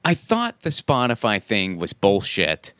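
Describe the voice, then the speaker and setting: Man, mid pitch, very lively pitch swings, ranting podcast chat, dry mic. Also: a little slow, clean tone, dry recording. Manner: animated, ranting, swings his pitch high when worked up. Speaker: comedian guest. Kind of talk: casual comedic chat.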